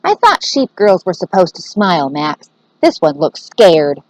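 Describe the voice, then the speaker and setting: A woman voicing a scheming male thief leader in a storybook, speaking low and hushed. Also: very animated, measured pace, dry recording, low-quality recording.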